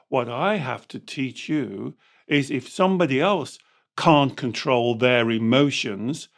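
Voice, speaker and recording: A man's voice: mid-range voice, gravelly. A man hosting a podcast as a coach, telling client stories and acting out their dialogue. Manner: animated storytelling, acting out dialogue. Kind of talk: podcast discussion with anecdotes.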